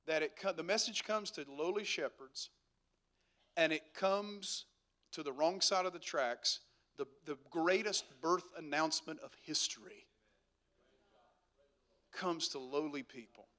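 A man's voice: fairly high pitch, measured pace, pauses often, bright, forceful tone. A man preaching a sermon as pastor, emphatic, asking rhetorical questions and repeating phrases for effect.

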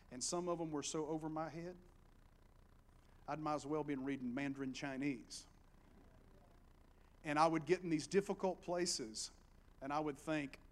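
Preaching in an Appalachian accent, this middle-aged man has a slightly high voice. His sermon alternates between hushed storytelling and loud exhortation.

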